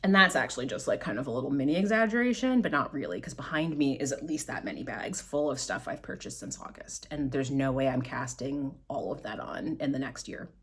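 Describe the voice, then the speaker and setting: A woman's voice: a bass voice, expressive, a little fast, few pauses, fairly bright tone, slightly rough. A middle-aged woman hosting her own podcast, chatting in a rambling, self-deprecating way as she tells stories. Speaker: podcast host. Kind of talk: casual chat. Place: at home, in front of bags of yarn.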